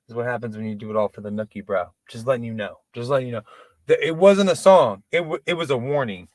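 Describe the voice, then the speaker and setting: A man's voice: mid-range voice, fast, darkish tone, dry recording. A man in his forties doing open mic stand-up, rambling, self-deprecating and profane. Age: 40s. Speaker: stand-up comedian.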